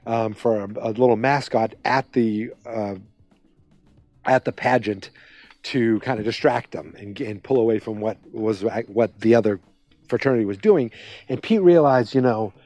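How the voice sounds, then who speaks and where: A man hosts a podcast, recapping an episode in a loose, rambling way. He often stops and restarts. His voice sits at an ordinary middle pitch, recorded dry and close, with faint music underneath. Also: normal speed, darkish tone, no room sound. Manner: rambling, self-interrupting, conversational. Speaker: podcast host.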